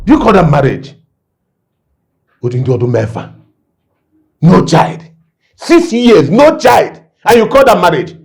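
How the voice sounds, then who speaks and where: Domineering father, Yoruba accent, high voice, wild swings in pitch, shouting. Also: big pitch swings, unhurried, vocal fry, pauses often, full character voice. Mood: scornful. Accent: Nigerian, Yoruba. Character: domineering scheming Nigerian father, quick-tempered. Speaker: fraudster father. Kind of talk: Nollywood film acting.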